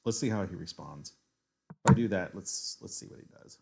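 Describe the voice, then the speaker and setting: A man's voice: sits low, a little fast, creaky, a little mellow. A man streaming a live chess game, thinking aloud as he weighs his moves, muttering and correcting himself as he goes. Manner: muttering, self-correcting, analytical.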